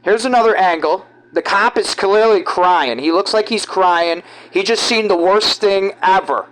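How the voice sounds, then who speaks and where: A man from giving rambling, halting, conspiratorial commentary over video clips. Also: high voice, a bit bright, low-quality recording. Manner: halting, restarts often, conspiratorial. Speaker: vlogger.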